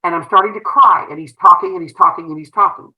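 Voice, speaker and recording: A woman's voice: on the low side, quick pace, narrow, tinny audio. A middle-aged woman, a former principal turned entrepreneur, earnestly telling a personal story in an interview with many fillers and restarts. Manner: earnest, emotional retelling with frequent fillers and restarts.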